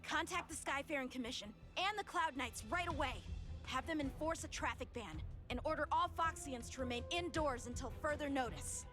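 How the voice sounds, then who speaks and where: An actress playing a sharp young officer in a video game, giving crisp and urgent orders. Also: female voice, high-pitched, brisk, lightly acted. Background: game music.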